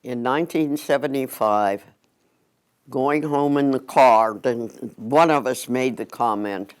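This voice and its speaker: Older man, slow reflective storyteller, smooth clear voice. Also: mid-range voice. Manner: slow, unhurried recollection. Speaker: interviewee.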